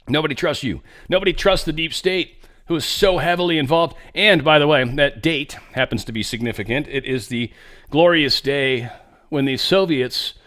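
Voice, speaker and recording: A man's voice: on the high side, a bit bright. Rambling, blunt male commentary host. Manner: rambling, stammering repeats, blunt. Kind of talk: casual political commentary monologue.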